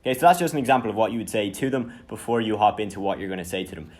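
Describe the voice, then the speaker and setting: Energetic young man coaching marketing. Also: on the low side, rapid-fire, soft background music. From Ireland. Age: 20s. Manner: energetic, conversational, says "right?" often. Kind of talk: casual instructional talk.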